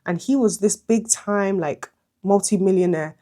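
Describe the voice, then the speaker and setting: A young woman vlogger chatting through a storytime retelling while doing her makeup, animated and exclamatory. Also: mid-range voice, unhurried. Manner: animated, exclamatory, slangy commentary. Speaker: beauty vlogger.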